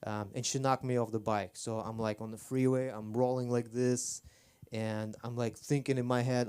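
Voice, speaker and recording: A man's voice: mid-range voice, flat delivery, moderate pace, few pauses, a little mellow, clean tone. A man performing rambling, self-deprecating stand-up on a comedy club stage. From Armenia.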